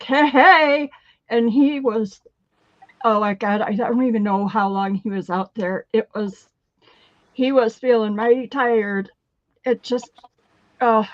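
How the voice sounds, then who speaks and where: A woman's voice: a little high, no echo. A woman co-hosting a live craft sale stream, telling rambling stories with many fillers. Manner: chatty storyteller with many fillers. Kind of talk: casual chat. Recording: dry, dull lo-fi stream audio.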